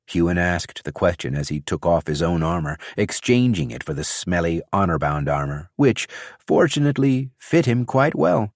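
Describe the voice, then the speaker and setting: A man narrating an audiobook in a measured, expressive storytelling manner. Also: deep voice, no room sound, studio quality. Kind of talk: scripted narration.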